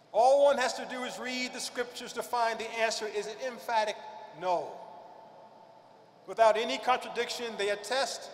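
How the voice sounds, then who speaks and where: A man giving a prepared religious speech at a convention, speaking emphatically and slowing down to stress key phrases. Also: high-pitched, slight background noise. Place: large convention hall. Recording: echoey hall with long reverb.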